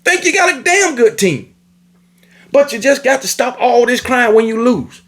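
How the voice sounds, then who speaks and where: High-pitched ranting man. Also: normal speed. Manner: animated, scolding, repetitive, swears freely. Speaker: sports commentator. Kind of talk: ranting sports opinion monologue.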